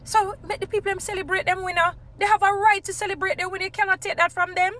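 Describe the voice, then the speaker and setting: A Jamaican woman vlogger with a high, bright voice speaks her opinions with passion. She slips into patois and restarts her sentences often, piling on point after point. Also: little pitch movement, fast talker. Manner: impassioned, mixes patois into English, many restarts. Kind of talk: opinion commentary vlog.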